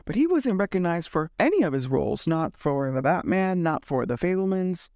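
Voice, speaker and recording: Sassy animated man talking about movies. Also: on the high side, moderate pace, no echo, studio quality. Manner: sassy, animated, swears freely, does mock voices. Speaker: film commentary host. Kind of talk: casual scripted vlog commentary.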